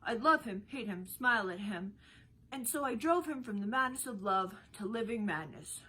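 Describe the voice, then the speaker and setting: A woman voicing a lively young woman in disguise, who fires off eager questions and teases. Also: mid-range voice, a little hiss or hum, poor audio. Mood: teasing. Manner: eager, rapid-fire questioning.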